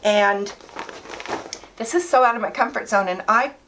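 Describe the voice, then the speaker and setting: Chatty, excited woman vlogger. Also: mid-range voice, moderate pace, background noise. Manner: chatty and enthusiastic, laughs often. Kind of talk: casual chat.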